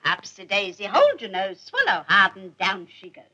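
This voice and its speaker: A woman's voice: mid-range voice, huge pitch swings, moderate pace, pushed and bright. A woman playing a fussy, doting old nanny in a 1950s British film, scolding grown men in baby talk. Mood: scolding, coaxing. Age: older. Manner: baby-talking, scolding like to a child.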